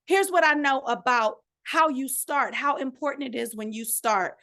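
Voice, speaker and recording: Woman, high voice, life coach hosting a podcast, lively and preachy, slangy asides to listeners, middle-aged. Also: moderate pace. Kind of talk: energetic solo podcast coaching talk.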